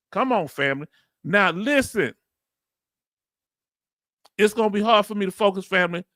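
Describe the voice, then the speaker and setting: Calling his viewers family and joking as he reads their comments, a middle-aged American YouTube host reacts to a hearing on a relaxed live stream. He speaks at a measured pace in a high, expressive, bright and forceful voice; the studio-quality audio has no echo.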